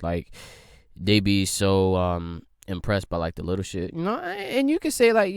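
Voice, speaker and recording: A man rants on a podcast in a loose, comedic flow, and his pitch climbs and drops all over the place. His voice is smooth and clean. The sound is dry and close, with no room echo. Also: wildly swooping pitch, fairly quick. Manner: rambling, profane, swings pitch widely for quoted voices. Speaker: podcast host. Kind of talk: casual comedic rant.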